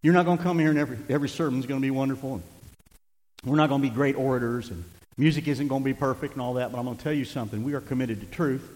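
An older man preaching a sermon as pastor, swinging between emphatic shouting and hushed, conversational asides. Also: mid-range voice, fairly even intonation, racing, long reverb tail, low-quality recording.

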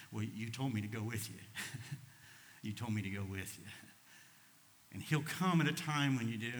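A man preaching a sermon as pastor, emotional, moving from quiet storytelling to loud, fervent preaching. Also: lowish voice, long reverb tail, a little hiss or hum. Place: church sanctuary.

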